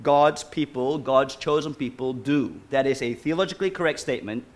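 A man's voice: mid-range voice, moderate pace. A man preaching a sermon to a congregation, asking them many questions. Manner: animated, asks the congregation questions. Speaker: pastor.

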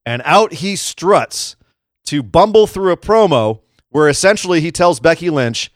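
A man's voice: fairly high pitch, normal speed, no echo, clean studio sound. A man co-hosting a podcast, chatting casually and animatedly about wrestling and acting out lines in voices. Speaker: podcast co-host.

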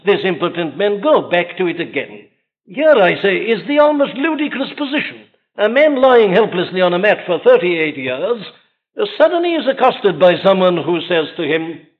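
A man preaching an impassioned sermon from a church pulpit, with rising and falling emphasis. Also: high-pitched. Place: large church. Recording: dull archival sermon recording.

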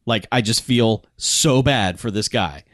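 A man's voice: lowish voice, measured pace, dry recording, studio quality. Casual man gushing about a movie. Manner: rambling, profane, enthusiastic. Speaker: podcast co-host. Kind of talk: casual movie review chat.

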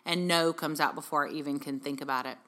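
A middle-aged woman, a podcast host and parenting speaker, gives a heartfelt motivational talk to mothers, earnest and encouraging, with many rhetorical questions. Her voice is low and fairly bright, with fairly even intonation and a quick pace.

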